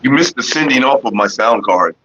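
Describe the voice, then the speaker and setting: A man's voice: mid-range voice, lively intonation, fairly quick, pushed and bright, a little hiss or hum. A man hosting a casual livestream, telling loose stories and greeting viewers in the chat. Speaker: livestream host. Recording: dull lo-fi stream audio.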